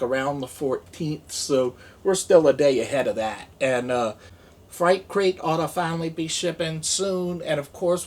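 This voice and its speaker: A man in his forties, rambling goofily through an unboxing vlog, mumbling and joking to himself. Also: a little high. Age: 40s. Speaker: unboxing vlogger.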